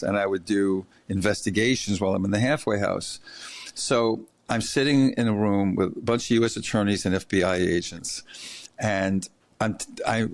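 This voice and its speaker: A middle-aged man hosting a podcast, telling an anecdote in a casual, animated way and laughing as he goes. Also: fairly low pitch, no echo. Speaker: podcast host. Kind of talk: casual storytelling.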